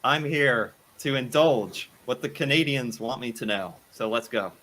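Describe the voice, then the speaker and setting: A man's voice: medium pitch, a little slow, pushed and bright, a little hiss or hum. A young man from the United States hosting a casual reaction video, thinking aloud and laughing often.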